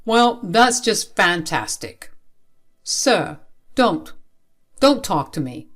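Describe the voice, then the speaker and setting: A woman voicing an angry, snobbish father in a spoken story, gruff and contemptuous. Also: medium pitch, big pitch swings, very slow, full character voice. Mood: scornful.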